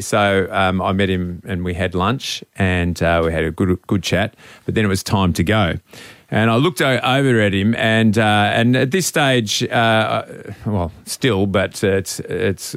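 A man's voice: lowish voice, normal speed, dry recording. Sentimental man telling a story. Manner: rambling, sentimental, chatty. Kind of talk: casual storytelling on radio.

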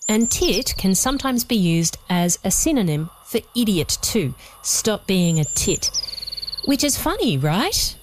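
A woman's voice: medium pitch, big pitch swings, a little slow, noisy background. Wry Australian woman hosting. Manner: wry, playful, jokey asides. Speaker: host. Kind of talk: produced radio feature narration. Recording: music bed underneath.

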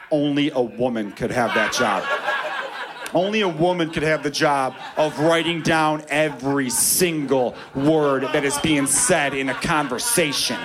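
Ranting male stand-up comic, club noise. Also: fairly high pitch. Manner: incredulous ranting delivery with crowd laughter. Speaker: stand-up comedian. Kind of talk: stand-up comedy set. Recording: club set with audible crowd noise.

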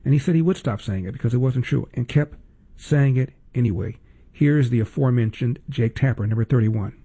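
Gravelly, husky-voiced male talk host. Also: medium pitch, fairly quick, warm tone. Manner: sarcastic, emphatic repetition. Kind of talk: political talk commentary.

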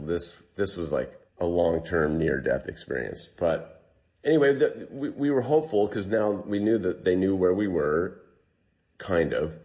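A man telling a long survival story in an interview, retelling what people said in lively bursts. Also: sits low. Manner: animated retelling, quotes himself and others.

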